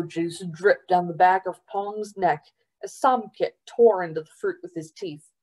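A woman storyteller reading a novel aloud for a library program, unhurried and expressive. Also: lowish voice.

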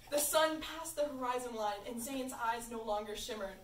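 A young woman reads fan fiction aloud in an amused, informal way, with a fairly high voice. She sits some way from the mic in an echoey room. Faint noise hums underneath. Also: normal speed, hardly any pauses, recorded from a distance. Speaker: reader. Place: room at a birthday party.

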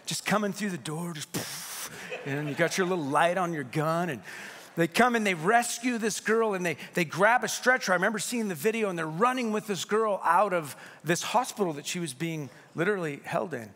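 Man, middle-aged pastor, lively joking sermon, slightly high voice, echoing sanctuary. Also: a little fast. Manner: animated storytelling with humor. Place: church sanctuary. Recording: long hall reverb.

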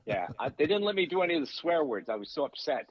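Husky man talking over a phone line. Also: on the high side, fast talker, dry recording. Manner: animated, slips in and out of impressions. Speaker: guest voice actor and impressionist. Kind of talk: casual storytelling on a radio call-in.

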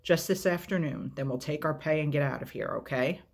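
A man's voice: fairly high pitch, brisk, gravelly. A man reading aloud voices an earnest, anxious teenage girl who looks after her younger siblings, speaking for them with a firm, pressing manner. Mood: reassuring. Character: determined teenage girl, eldest sister.

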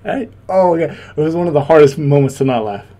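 A man's voice: on the high side, lively intonation, quick pace, dark tone. A young man and former Marine giving casual reaction commentary, laughing often and rambling with many restarts.

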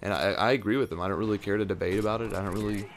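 A low-pitched young man rambles into a microphone held close to his face. His talk is loose and casual, wandering off topic and full of fillers, with a faint hiss of noise underneath. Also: fairly even intonation, rapid-fire. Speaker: gaming video creator. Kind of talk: casual chat over gameplay footage. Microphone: close mic right at his face.

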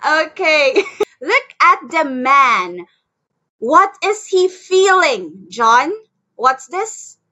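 High, lively woman tutoring English. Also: very slow, highs cut off. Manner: encouraging, drills words for repeating, praises often. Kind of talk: one-on-one language lesson. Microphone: headset or computer mic on a video call.

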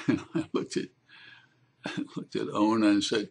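Older man, low gravelly husky voice. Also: flat delivery. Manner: unhurried, with frequent ums and restarts. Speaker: grandfather telling a family story. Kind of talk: casual spoken storytelling.

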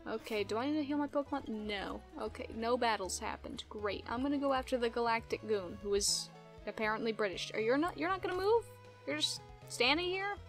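Giggly high-voiced woman gaming. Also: fairly quick, faint music behind. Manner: giggly, chatty. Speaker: let's play host. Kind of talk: casual game commentary.

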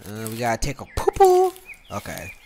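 A man giving casual let's-play commentary as a gaming YouTuber, slangy and quick to laugh. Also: medium pitch, wildly swooping pitch, dark tone, a little hiss or hum. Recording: game music playing behind the voice.

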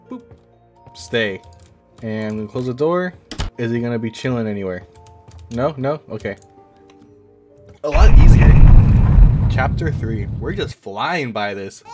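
A man commentating a horror game as a gaming YouTuber, reacting jumpily with repeated exclamations. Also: mid-range voice. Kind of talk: let's play commentary. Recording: game music playing behind the voice.

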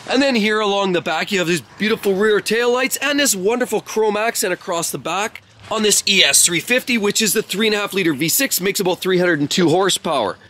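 A man's voice: high voice, pushed and bright, slight background noise. A man doing an enthusiastic walkaround of cars, praising each detail. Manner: effusive, praising every detail. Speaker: car reviewer. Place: outdoors beside parked cars.

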